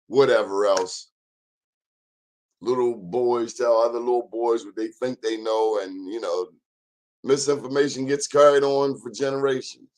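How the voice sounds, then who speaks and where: A man in his fifties hosting an informal history talk, emphatic and repetitive, urging listeners to check the facts themselves. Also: lowish voice. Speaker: host.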